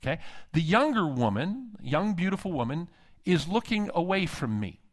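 A man's voice: on the high side, very animated, normal speed. A middle-aged man, a seminary dean, preaching a sermon and telling stories with humor, acting out the voices of people he quotes. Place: conference hall.

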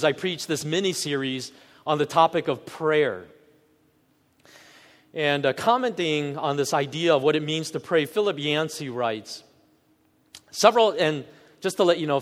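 A man preaches from the pulpit, his voice pitched a little high. He reads scripture in a measured, earnest way and draws out key phrases. His words ring out with a long reverb through a church sanctuary. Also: lively intonation. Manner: earnest, measured reading with slowed emphasis. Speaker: pastor. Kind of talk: sermon with scripture reading.

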